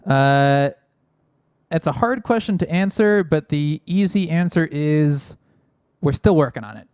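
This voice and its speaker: A man's voice: fairly high pitch, animated, measured pace, darkish tone, clean tone, dry recording. A man hosting a casual call-in show, talking loosely with lots of fillers, close on a large studio microphone in a small studio. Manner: rambling, many fillers. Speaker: podcast host. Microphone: large studio mic, spoken into closely.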